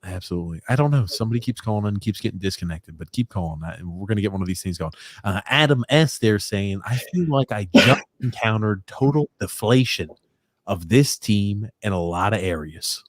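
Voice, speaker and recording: Man, podcast host, rambling, laid-back, low voice, dry sound. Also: lively intonation, fairly quick, dry recording. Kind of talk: casual sports chat.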